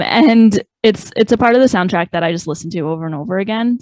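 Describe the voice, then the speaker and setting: A woman's voice: lowish voice, no echo. A woman co-hosting a podcast, talking with enthusiasm in a stop-and-start way. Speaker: podcast co-host. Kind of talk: casual chat.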